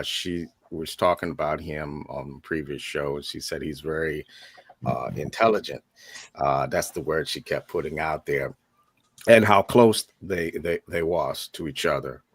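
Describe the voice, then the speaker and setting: A man giving a heartfelt spoken tribute on a video call, earnest and halting, with many pauses and fillers. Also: very deep voice, fairly bright tone, dry recording. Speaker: tribute speaker.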